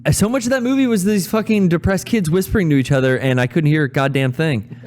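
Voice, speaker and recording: A man's voice: a little high, fast, darkish tone. A man co-hosting a casual podcast, bluntly giving opinions and swearing casually. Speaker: podcast co-host.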